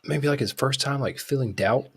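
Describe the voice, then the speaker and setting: A man co-hosting a podcast chats casually in a husky, medium-pitched voice at normal speed. His talk wanders, full of fillers and false starts.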